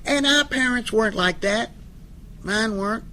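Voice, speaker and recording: A middle-aged man with a fairly high voice tells stories to a live audience in a folksy, joking way. He acts out both sides of a couple's arguments. A faint hiss of background noise sits under his voice. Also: moderate pace, pushed and bright. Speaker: speaker on addiction recovery. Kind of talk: storytelling talk to an audience.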